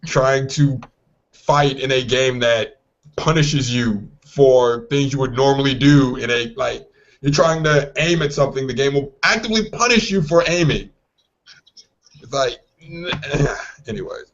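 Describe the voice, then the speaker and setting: A man co-hosting a casual podcast, telling stories with lively acted-out quotes. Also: mid-range voice, measured pace. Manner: animated storyteller who acts out quoted voices. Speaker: podcast co-host. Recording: lo-fi online call audio.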